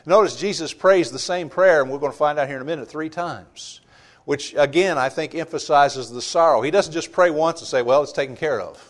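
A man's voice: on the high side, brisk. A man preaching a sermon, explaining a Bible passage earnestly and repeating rhetorical questions. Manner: reads scripture aloud with emphasis.

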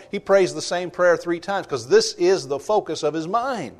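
A man's voice: sits high, lively intonation, normal speed. A man preaching a sermon, explaining a Bible passage earnestly and repeating rhetorical questions. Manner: reads scripture aloud with emphasis.

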